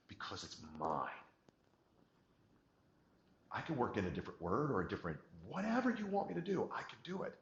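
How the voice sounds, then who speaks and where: A man with a low voice gives a motivational coaching talk. He is emphatic, repeats his points and swings from quiet to energized. The recording is roomy and lo-fi. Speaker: business coach.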